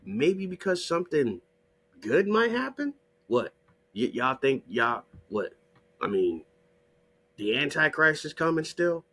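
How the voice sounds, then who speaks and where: A man giving profane, combative ranting commentary over a shared screen, hammering rhetorical questions and repeated demands in a husky voice. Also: on the high side, sing-song, slow pace, long pauses, fairly bright tone. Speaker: online video creator.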